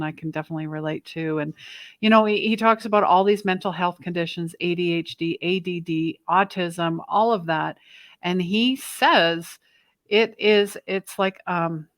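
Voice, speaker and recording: A woman's voice: lowish voice, fairly bright tone, no echo. A woman hosting an interview, reacting and chatting with frequent fillers. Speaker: podcast host. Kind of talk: conversational interview.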